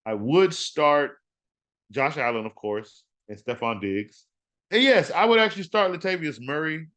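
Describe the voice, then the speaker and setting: His fairly high voice moves a little slowly as he hosts a fantasy football podcast. Casual and animated, he trash-talks and repeats words for emphasis.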